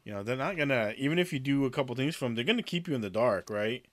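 A man's voice: medium pitch, expressive, very fast, a bit bright, dry recording. A man co-hosting a casual movie review chat in a laid-back, hedging way. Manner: laid-back, hedging, says kinda and like a lot. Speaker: podcast co-host.

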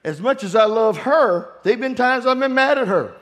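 A man's voice: very high voice, animated, normal speed, a bit bright. A man preaching a sermon as pastor, calling for amens and telling funny stories about his family. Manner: call-and-response preaching with humorous family stories. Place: church sanctuary. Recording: long hall reverb.

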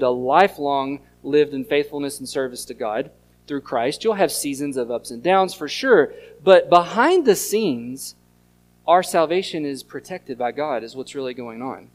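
A pastor, preaching an earnest sermon that mixes scripture reading and storytelling. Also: male voice, fairly high pitch. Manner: earnest teaching tone, reads scripture aloud and tells stories.

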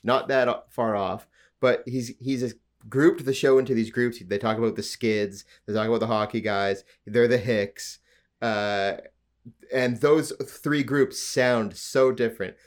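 A man from Alberta co-hosting a casual podcast chat about a TV show, talkative and quick to laugh. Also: mid-range voice, fairly even intonation. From Canada, Alberta. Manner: chatty, laughs often, quick bursts. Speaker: podcast co-host.

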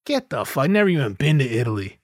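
A man's voice: medium pitch, very animated, quick pace, darkish tone, no echo, studio quality. A man hosting a podcast, delivering a sarcastic, profane comedic rant. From United States. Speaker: podcast host.

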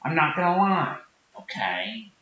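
A performer plays a smug, preachy, condescending podcast producer from Portland, Oregon, using a patronizing tone. The voice is medium-pitched but lower than the performer's own, bright and forceful, with big pitch swings and a measured pace. The lo-fi recording sounds roomy and dull, with slight background noise.

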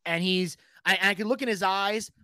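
A man casually telling a story, animated, swearing freely and shouting out the lines he quotes. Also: sits high, normal speed, no room sound. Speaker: podcast guest telling a story.

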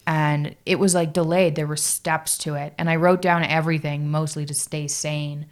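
A woman being interviewed on a podcast, telling her story casually, with halting speech full of "like" and fillers. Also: low-pitched, flat delivery. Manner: halting, filler-heavy, lots of "like". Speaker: podcast guest.

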